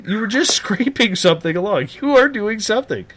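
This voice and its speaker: A man hosting a late-night radio talk show, animated and teasing as he rants. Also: high-pitched, a little fast, slight background noise.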